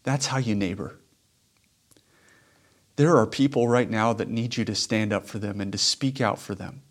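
A man's voice: fairly low pitch, normal speed. A man preaching a sermon as a pastor, earnest and emphatic, repeating key lines for weight.

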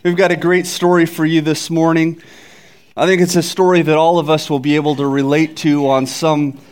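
A man's voice: fairly high pitch, little pitch movement, moderate pace, smooth. A male pastor giving an Easter sermon, telling stories that build to raised peaks and joking with the congregation. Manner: storytelling, builds to raised climaxes; jokes with the congregation.

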